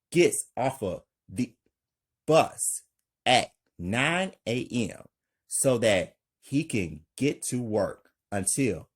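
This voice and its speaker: A man with a husky voice slowly reading his own action script aloud, stage directions included. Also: mid-range voice. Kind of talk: amateur script read-aloud.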